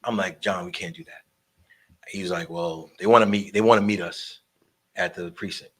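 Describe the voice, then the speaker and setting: A man telling animated stories about promoting shows, swearing freely and acting out the voices of the people in them. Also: deep voice, moderate pace, husky. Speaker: guest storyteller, concert promoter and barber. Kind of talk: casual storytelling interview.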